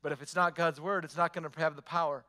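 A man's voice: on the high side, fairly even intonation, fast, pushed and bright. A male pastor preaching a sermon, emphatic, repeating phrases and asking the congregation rhetorical questions.

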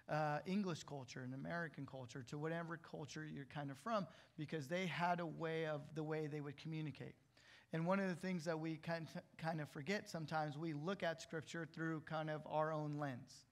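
A pastor delivers a sermon from the pulpit of a church in a relaxed, conversational way. His voice sits high for a man, and he keeps tossing questions out to his listeners, his energy lifting as he goes. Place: church sanctuary.

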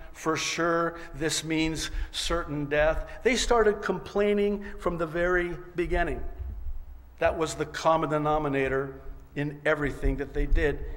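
Slow-speaking pastor in a reverberant hall. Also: male voice, on the high side, fairly bright tone. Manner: emphatic Bible reading, dramatic voiced quotes. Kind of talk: sermon. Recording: long reverb of a large hall.

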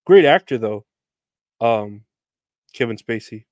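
A man's voice: mid-range voice, lively intonation, slow, no room sound, clean studio sound. A young man hosting a solo podcast, rambling in a sardonic, profane way with lots of fillers. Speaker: podcast host. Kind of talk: casual solo podcast rant.

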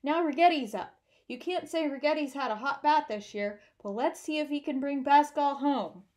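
A woman's voice: high-pitched, darkish tone, pitched above the performer's own voice, close to an everyday voice. A woman doing a nasal old-time baseball radio announcer. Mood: excited. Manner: brisk play-by-play patter.

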